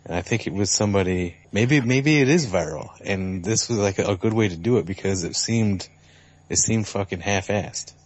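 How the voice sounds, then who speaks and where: A young man with a very low voice chatting about games on a podcast. He stumbles over his words and restarts his sentences, and his language is blunt and crude. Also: normal speed. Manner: stammering, crude, repeats himself. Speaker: podcast co-host. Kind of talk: casual gaming chat.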